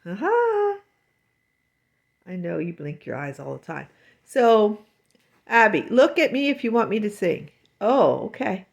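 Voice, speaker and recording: Recorded in her home, this woman chats lovingly with her dog in a sing-song baby voice. She sounds very animated yet unhurried, mid-range and husky with a creaky edge, leaving long pauses.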